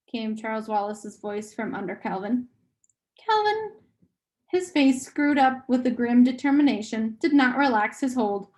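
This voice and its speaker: A woman reads a novel aloud in a slightly high voice. She keeps a steady pace and restarts a phrase now and then when she trips. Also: measured pace. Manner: steady reading with occasional restarts. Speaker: audiobook reader.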